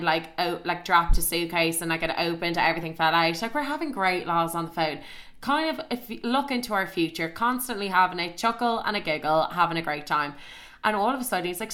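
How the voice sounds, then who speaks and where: Young woman, storyteller. Animated, sweary, slightly low, bright forceful tone. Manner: animated, sweary, heavy use of "like". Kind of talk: casual storytime monologue.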